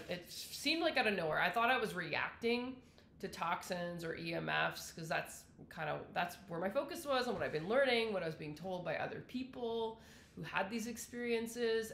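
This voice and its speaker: Woman rambling thru her own story, lots of um and like, gravelly voice, echoey room. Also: lowish voice, fairly bright tone, slight background noise. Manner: rambling, frequent self-corrections and fillers. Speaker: wellness vlogger sharing her illness story. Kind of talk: candid personal monologue. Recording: roomy echo.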